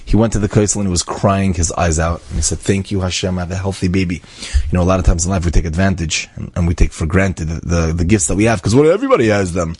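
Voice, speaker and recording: Man, inspirational storyteller, deep voice, dry sound, chatty asides, acts out dialogue. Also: animated, fast talker, few pauses, darkish tone, breathy edge, no room sound. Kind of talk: animated religious storytelling.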